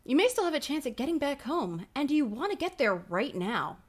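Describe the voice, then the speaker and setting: A woman's voice: high-pitched, very animated, brisk. A woman hosting a livestream, reading a children's horror book aloud with playful, giggly commentary and casual swearing, on a streaming mic at home. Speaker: livestream host. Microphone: streaming microphone.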